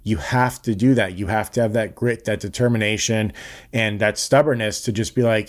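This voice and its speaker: A man's voice: mid-range voice, a little fast. A young man hosting a podcast, giving blunt, earnest advice in a casual monologue and swearing freely. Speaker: podcast host.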